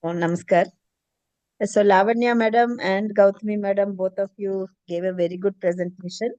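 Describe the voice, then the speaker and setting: A woman's voice: mid-range voice, fairly even intonation, normal speed, warm tone, no echo, muffled recording. A middle-aged woman, earnestly telling a personal story on a video call in a hesitant, emotional way. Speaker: meeting participant, preschool teacher.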